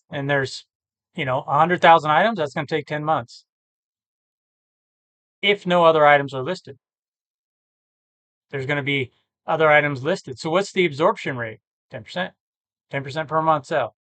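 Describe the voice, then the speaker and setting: A tired man who talks casually and thinks out loud, rambling and correcting himself as he works through reseller listings. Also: fairly high pitch, a little fast, long pauses, no room sound. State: tired, yawning. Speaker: eBay reseller vlogger. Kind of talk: casual screen-share commentary.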